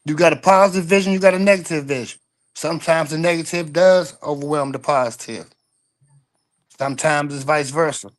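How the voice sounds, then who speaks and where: Give me a fired-up male caller with a slightly high voice who talks in a blunt, profane way. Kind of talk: casual call-in chat.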